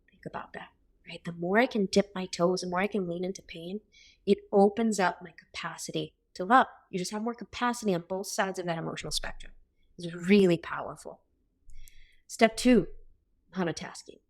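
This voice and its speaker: An energetic woman coach in her thirties talks straight at the listener in a casual workshop style. She is blunt and swears freely, and her voice sits at a middle pitch for a woman.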